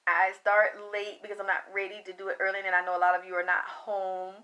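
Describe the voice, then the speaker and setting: Emotional, rambling woman with a bright voice. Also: medium pitch, flat delivery, fast. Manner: emotional, rambling, trailing off into sighs. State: tired from late night. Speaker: psychic reader. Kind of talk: livestream talk with viewers.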